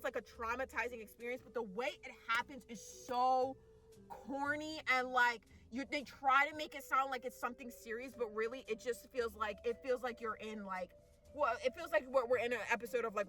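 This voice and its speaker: A woman's voice: a little high, sharp tone. A young woman ranting casually about a movie, exasperated and rambling, full of fillers and restarts, sometimes mocking characters in exaggerated voices. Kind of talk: casual rant.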